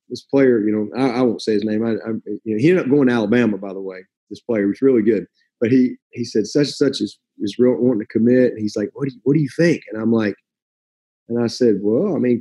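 A middle-aged man spins a long recruiting story in a relaxed, chatty way, leaping into the voices of the people he quotes. His voice is mellow and dark with a husky edge. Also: medium pitch. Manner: animated, acts out quoted voices. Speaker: college football coach. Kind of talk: casual storytelling.

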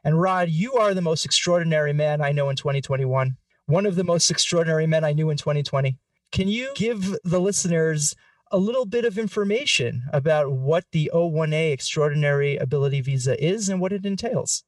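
A man's voice: fairly high pitch, expressive, brisk, no echo, recorded from a distance. A man hosting a podcast, talking in a playful, jokey way. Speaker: podcast host. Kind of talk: casual podcast discussion.

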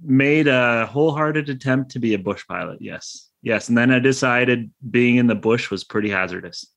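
A man's voice: medium pitch, moderate pace, gravelly, a bit bright, no echo. A man co-hosting a podcast, talking in a dry, matter-of-fact casual way. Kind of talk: casual chat.

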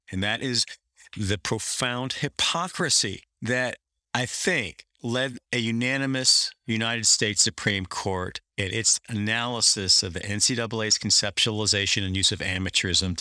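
A man's voice: on the low side, bright, forceful tone, no echo, studio quality. A man hosting a commentary, reading quoted passages aloud with dramatic emphasis and sardonic, critical remarks between them. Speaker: podcast host.

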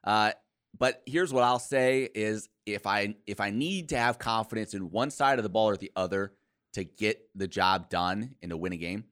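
A man's voice: lowish voice, moderate pace, a bit bright. A man co-hosting a sports talk show, chatting casually with many fillers and restarts.

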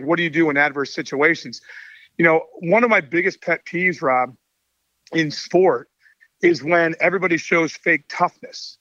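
This is a middle-aged man, both baseball coach and author, enthusiastically telling stories in an informal interview. He sounds on the high side. Recorded on a call mic, the audio lacks echo and loses its highs.

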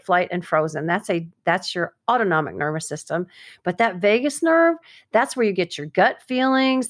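A woman talking in a casual advice chat, with a voice sitting in the middle of the usual female range. She is lively and animated, and her pitch lifts sharply whenever she acts out someone else's words. She sounds like a coach sharing practical tips with her co-hosts. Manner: animated, acts out quoted speech in a higher voice.

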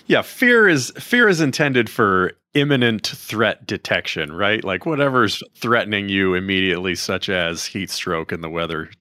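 A man hosting an interview, answering in a calm, explanatory way with scientific terms and filler words. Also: sits low, normal speed, few pauses, dry recording, studio quality. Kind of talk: conversational interview.

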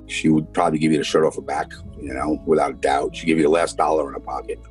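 Very deep-voiced middle-aged man. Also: level tone, quick pace, a little mellow, faint music behind. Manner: plainspoken, repeats himself, lots of "you know". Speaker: interviewee, victim's father. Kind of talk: documentary interview.

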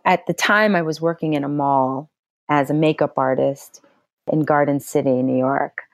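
A middle-aged actress telling a personal story in an interview, animated and acting out what people said in a high, excited voice. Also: female voice, normal speed, no room sound, clean studio sound. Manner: lively storyteller who acts out quotes in a high excited voice.

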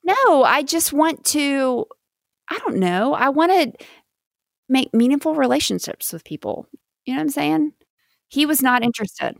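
An American woman co-hosting a podcast, chatting casually, quick to laugh and joke at herself. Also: sits high, very animated, creaky, no room sound, clean studio sound. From United States. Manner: chatty, self-deprecating, laughs often. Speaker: podcast co-host. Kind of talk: casual chat.

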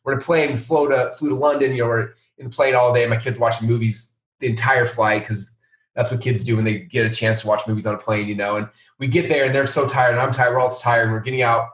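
A middle-aged man, a company founder, telling a story in a casual interview and acting out the people he quotes. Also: quick pace. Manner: animated, acts out quoted voices in a higher pitch. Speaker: founder and CEO of a software company. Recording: roomy sound, a bit off-mic.

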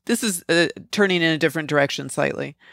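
Gravelly, smooth-voiced interviewer. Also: medium pitch, fast talker, a bit bright, no echo, studio quality. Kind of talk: casual interview questions.

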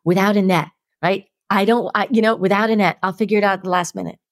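A middle-aged woman, a podcast guest telling stories with lively energy and acting out the voices in them. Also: medium pitch, fast, no room sound, studio quality. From New York. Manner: lively, acts out the voices in her stories, laughs often. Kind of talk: animated storytelling.

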